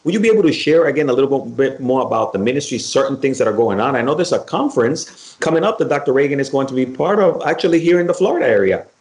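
A man's voice: medium pitch, very animated, quick pace, few pauses, darkish tone. Man, religious radio host, enthusiastic, friendly, echoey room. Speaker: radio show host and pastor. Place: Miami area. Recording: roomy echo.

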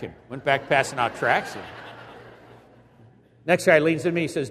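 A man's voice: a little high, lively intonation, a little fast, in a large hall. A man preaching a sermon, telling a story dramatically and acting out the quotes with emphasis. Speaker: evangelist preacher.

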